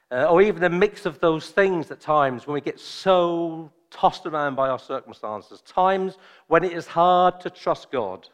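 A man preaching a sermon, joking and chatty with his congregation at first, then slow and solemn. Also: on the high side. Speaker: visiting preacher.

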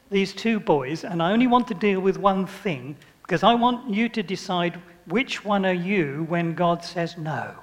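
Older man, high voice, preaching, chuckling storyteller, long hall reverb. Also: a bit bright. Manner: anecdotal, chuckling, acts out scenes. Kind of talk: sermon.

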